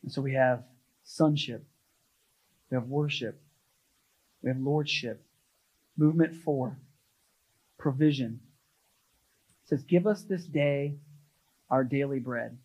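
A young adult male pastor from the United States preaching a sermon, stressing key words with rising emphasis and then dropping low and soft. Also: takes it slowly, long pauses, breathy edge, rough recording.

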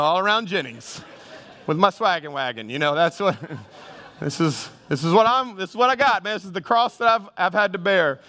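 A man's voice: a little high, fairly bright tone. A male pastor preaching a sermon with humor, calling out to his congregation. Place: church sanctuary. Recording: reverberant church hall.

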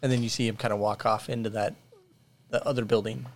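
A man narrating as dungeon master of a tabletop game, describing scenes in a halting way with frequent pauses and restarts. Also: fairly low pitch, level tone. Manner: halting, many fillers and restarts while describing.

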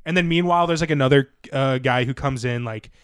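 A young man hosts a loose, crude chat, narrating a story with plenty of filler words. His voice is smooth and clear. The sound is close and dry. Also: medium pitch, brisk, dry recording. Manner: crude, animated storytelling with mocking put-on voices. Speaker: podcast host. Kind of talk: casual chat.

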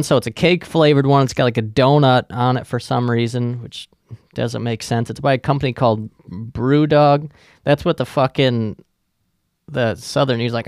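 A man's voice: medium pitch, dry recording, clean studio sound. A man hosting a podcast, talking in a sarcastic, rambling monologue full of profanity. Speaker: podcast host. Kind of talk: casual comedic monologue.

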